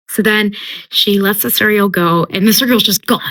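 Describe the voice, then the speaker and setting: A woman's voice: mid-range voice, normal speed, a bit bright, low-quality recording. A young woman casually summarizing a book, chatty and full of filler words, slipping into character voices. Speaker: book commentator.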